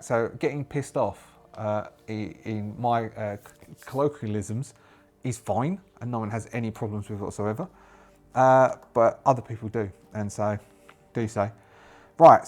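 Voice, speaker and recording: A man's voice: medium pitch, a little mellow. A British man running a solo tabletop game, hesitant and thinking aloud with many fillers and restarts. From Britain.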